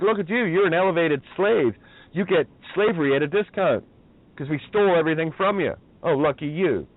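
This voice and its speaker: A man's voice: on the high side, no room sound. A man from Ireland, hosting a radio show in a profane, combative rant. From Northern Ireland. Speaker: radio host. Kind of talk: ranting talk radio. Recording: tinny phone-line audio, dry.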